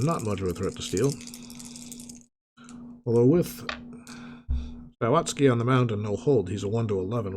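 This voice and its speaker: A man with a middle-range voice calls a dice baseball game like a radio announcer, drifting into easygoing, chatty asides between rolls. He sounds relaxed and conversational, recorded at home with a faint hum of room ambience underneath. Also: medium pitch. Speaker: tabletop baseball replay host.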